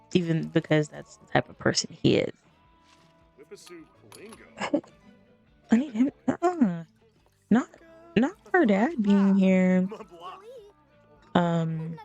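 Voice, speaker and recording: A woman chats her way through a life-simulation game, rambling from one thought to the next and laughing to herself. Her voice sits on the low side with a gravelly fry, and she keeps it loose and unscripted. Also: a little mellow, dull audio. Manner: chatty, rambling, laughing asides. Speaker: let's play streamer. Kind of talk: casual gameplay commentary.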